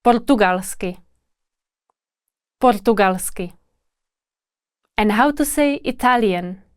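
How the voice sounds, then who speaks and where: A woman language teacher who speaks slowly and carefully, saying each word twice in a lesson drill. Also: medium pitch, expressive, clean tone, no room sound.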